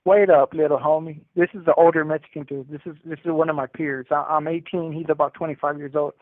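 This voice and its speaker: A man's voice: on the high side, little pitch movement, fast, no room sound. A man telling a story casually over the phone, using street slang and often restarting his sentences. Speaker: incarcerated storyteller calling in. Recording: tinny prison phone line.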